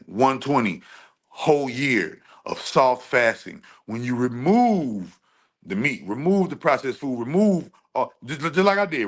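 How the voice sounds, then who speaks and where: A livestream host with a lowish, somewhat bright voice rants intensely and emphatically. He often repeats himself and restarts his phrases.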